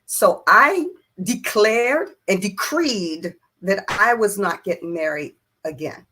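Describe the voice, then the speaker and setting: Husky, lively older woman storyteller. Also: medium pitch, slow pace. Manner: acts out quoted dialogue with laughter and emphasis. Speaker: interview guest. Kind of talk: animated personal storytelling.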